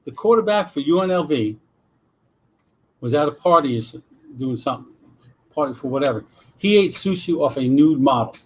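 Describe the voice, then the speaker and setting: A man's voice: on the high side, normal speed, long pauses, husky. A man co-hosting a casual cigar-lounge talk show, telling stories and jumping between topics. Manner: animated storyteller, tangents. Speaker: podcast co-host. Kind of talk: casual chat.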